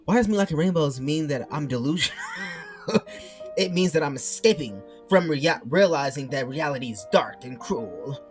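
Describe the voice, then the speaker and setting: A man's voice: fairly high pitch, animated, moderate pace, faint music behind. Rambling man ranting to viewers. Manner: rambling, reads chat messages aloud and argues back. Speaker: streamer. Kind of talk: casual rant to viewers. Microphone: mic turned backwards.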